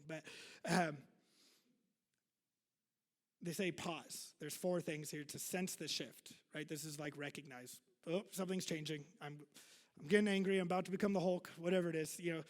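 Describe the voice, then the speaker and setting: A man's voice: on the high side, in a large hall. A male pastor giving a casual sermon to his congregation, chatty and self-deprecating, full of fillers and asides. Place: church hall.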